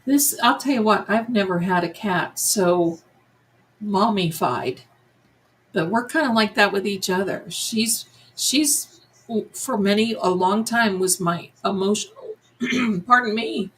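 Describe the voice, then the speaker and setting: A woman's voice: mid-range voice, slow pace, fairly bright tone, low-quality recording. A middle-aged woman hosting a live psychic tarot reading, musing aloud and chatting to her viewers and her cats. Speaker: psychic medium livestream host.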